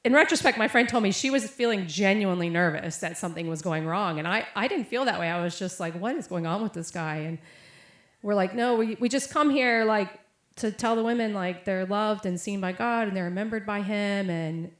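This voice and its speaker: A woman's voice: mid-range voice, a little fast, a bit bright. A young adult woman preaching a sermon, telling a personal story in a casual way with lots of fillers and quoted voices. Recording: echoey room.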